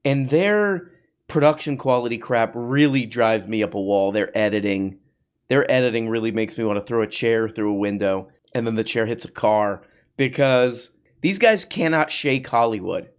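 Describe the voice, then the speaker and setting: Expressive and smooth, this man's mid-range voice moves at a normal speed while he riffs on social media posts for a comedy podcast. His commentary is mocking, with sarcastic asides and put-on voices.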